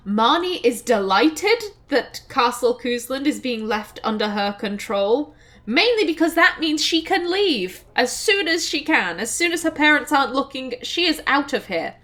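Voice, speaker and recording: A woman's voice: high voice, sing-song, unhurried, a bit bright. A woman doing casual let's play commentary, chatty and thinking aloud as she plays.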